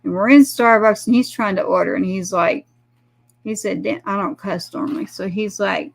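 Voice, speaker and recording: A woman's voice: mid-range voice, fairly even intonation, moderate pace, creaky. A middle-aged woman, telling a rambling, earnest personal story as a guest and acting out the people she quotes. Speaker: guest, military mother.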